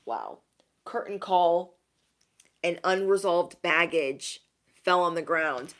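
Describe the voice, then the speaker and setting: A woman gives her viewers a casual tarot reading, speaking slowly in a slightly bright voice. She is sassy and emphatic, repeats lines for effect, and mocks others by putting on high voices.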